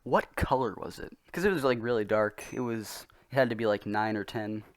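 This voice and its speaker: A man's voice: fairly low pitch, steady tone, fairly quick, smooth, dry recording. A young man telling a story in a casual, rambling, self-mocking way, often laughing as he goes. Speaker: vlogger.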